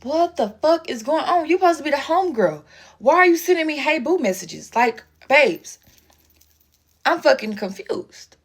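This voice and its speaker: A woman, spilling a story in casual story-time chat. Her voice sits on the higher side. She swears freely and jumps in and out of quoted voices. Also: moderate pace. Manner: animated, profane, slangy storytelling with quoted voices.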